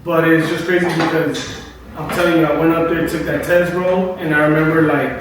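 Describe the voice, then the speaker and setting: A young man with a slightly higher voice recounts his story in a relaxed, slangy barbershop chat, swearing freely and tagging "bro" onto his sentences. He sits back from the mic in a very echoey room with faint noise behind him. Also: fairly quick, far from the mic. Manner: loose, swearing, says "bro" constantly. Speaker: barber and podcast co-host.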